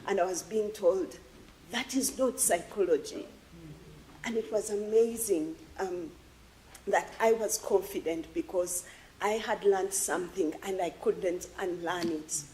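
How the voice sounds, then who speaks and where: Earnest woman from Uganda, low voice. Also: darkish tone, a little hiss or hum, poor audio. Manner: earnest, emotional, with halting restarts. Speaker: audience member asking a question. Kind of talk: spoken question at an academic forum. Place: large lecture hall.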